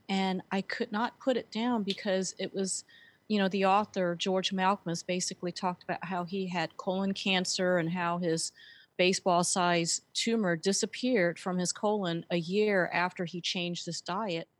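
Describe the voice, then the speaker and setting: A woman's voice: medium pitch, steady tone, unhurried, dry recording. A woman telling her story earnestly as a guest, with frequent fillers. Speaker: guest, author and speaker. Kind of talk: conversational interview.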